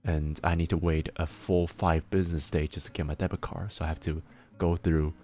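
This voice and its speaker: Casual chatting streamer, very deep male voice, rambly and laughing, faint music behind. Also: flat delivery, a little fast, mellow. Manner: rambling, laughs often, restarts words. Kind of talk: casual chat while working.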